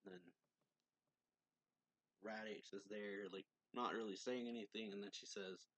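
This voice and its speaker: A man's voice: fairly low pitch, steady tone, normal speed, long pauses, a bit bright, dry recording, rough recording. A man casually recapping a manga chapter as reviewer, rambling with many fillers. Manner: rambling, filler-heavy retelling.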